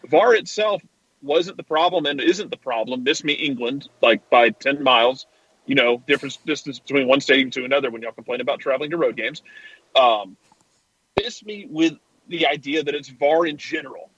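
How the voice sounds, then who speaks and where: A man's voice: mid-range voice, moderate pace, fairly bright tone, slightly rough, no echo, highs cut off. A man co-hosting a casual soccer podcast, wry and sarcastic. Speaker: podcast co-host. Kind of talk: casual sports talk.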